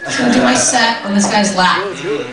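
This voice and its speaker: Raspy-voiced woman doing stand-up. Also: fairly quick. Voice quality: deep raspy voice, says she always sounds this way. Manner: self-deprecating, chatty with the crowd. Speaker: stand-up comic. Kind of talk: stand-up set. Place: comedy club stage. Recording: echoey club from far off, crowd noise.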